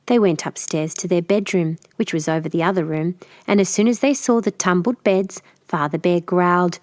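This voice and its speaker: A woman with an American accent calmly narrating a fairy tale as a storyteller. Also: on the low side, normal speed, dry recording, studio quality. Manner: gentle, even storytelling.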